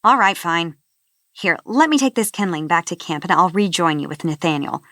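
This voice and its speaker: A woman voicing a playful, cheeky young man who teases and lilts brightly, sitting higher than her narration. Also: moderate pace, no echo, studio quality. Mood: teasing.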